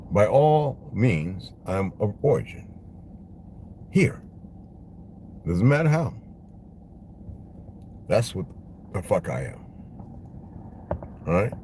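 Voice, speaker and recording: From inside his car, a man vlogs while driving, rambling bluntly and profanely in a casual monologue. He has a lowish, warm voice, and the car interior is noisy.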